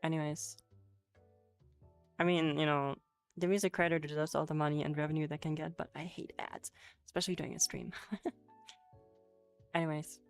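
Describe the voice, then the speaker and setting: A woman's voice: low voice, level tone, normal speed, long pauses, clear, resonant tone. A woman streaming a casual Japanese lesson on a headset, answering chat with giggles and swearing. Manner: giggly, swears, chatty and loose. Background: faint music playing.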